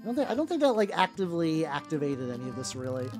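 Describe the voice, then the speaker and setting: A VTuber streamer talks casually while painting, rambling from thought to thought with plenty of swearing and false starts. The pitch swings lively and expressive throughout. Quiet music plays faintly underneath. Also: rapid-fire. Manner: rambling and profane, many fillers and restarts. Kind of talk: casual live-stream chat while working. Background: faint background music.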